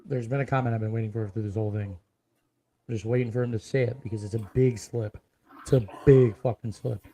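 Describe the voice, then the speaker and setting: A man delivering a profane, forceful rant to his viewers, repeating lines for emphasis. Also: mid-range voice, steady tone, fast talker, poor audio. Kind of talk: ranting video monologue.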